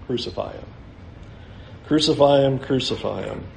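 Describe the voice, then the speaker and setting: A man's voice: mid-range voice, normal speed, gravelly, a little mellow, pitched below the performer's own voice. A man voicing an angry crowd that bluntly chants its demand for a death. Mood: chanting. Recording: roomy echo.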